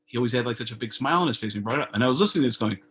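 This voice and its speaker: Brief: male comedian, mid-pitched, animated, swears freely, video-call sound. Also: rapid-fire, a little hiss or hum. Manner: animated, profane, acts out dialogue. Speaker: comedian guest. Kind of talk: casual storytelling.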